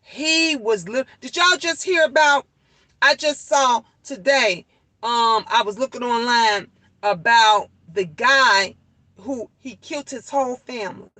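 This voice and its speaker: A middle-aged woman speaks to her viewers in a lively, cursing storytime. Her voice is bright and sharp. The sound is close and dry, with no room around it. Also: fairly high pitch, measured pace, no echo, poor audio. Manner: animated, cursing, repeats herself for emphasis. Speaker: vlogger. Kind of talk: casual storytime talk to viewers.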